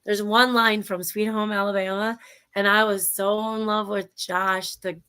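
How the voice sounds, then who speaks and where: A woman's voice: medium pitch, little pitch movement, unhurried, pushed and bright, clear, resonant tone. A woman with a Minnesotan accent, co-hosting a livestream show, chatting enthusiastically and rambling with restarts over a video call. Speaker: show co-host. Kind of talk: casual livestream chat.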